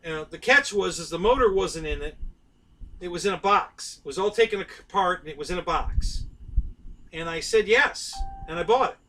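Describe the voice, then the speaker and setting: A man's voice: high voice, lively intonation, normal speed, a bit bright, far from the mic, slight background noise, low-quality recording. A man hosting a live stream, telling a story in a rambling, chatty way full of fillers and restarts. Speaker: host of a live stream about model aircraft.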